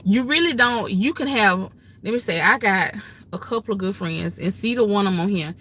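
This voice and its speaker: A woman's voice: medium pitch, normal speed, a bit bright. An older woman with grandchildren, hosting a livestream and giving emphatic, folksy, preachy advice in a casual way. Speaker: livestream host.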